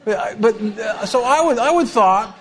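A middle-aged male pastor preaching an animated sermon, with humorous asides and repeated words. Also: sits high, measured pace.

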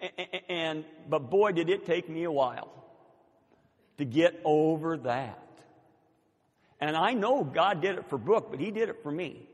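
An older man, preaching a sermon as pastor and telling a story with animated, building emphasis. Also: a little high, unhurried, long pauses. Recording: long reverb of a church hall.

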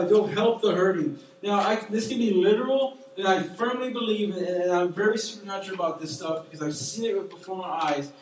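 A young man delivers a sermon in an emphatic, conversational way and breaks into stories from his own life. His voice sits high and comes from away from the microphone. The large room around him rings with heavy echo. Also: slight background noise. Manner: casual storytelling, emphatic and animated. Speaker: preacher. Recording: very echoey room, voice from far off.

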